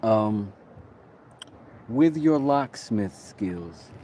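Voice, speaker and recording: A man's voice: fairly low pitch, expressive, very slow, warm tone, a little hiss or hum. A man, chatting casually with viewers during a live stream while tinkering in his workshop. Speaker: livestream host. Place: home workshop.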